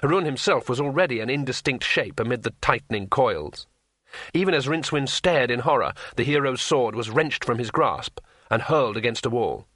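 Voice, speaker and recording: Man, audiobook narrator, bright tone, dry close sound, dramatic pacing. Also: mid-range voice, lively intonation, husky, dry recording. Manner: measured, dramatic storytelling.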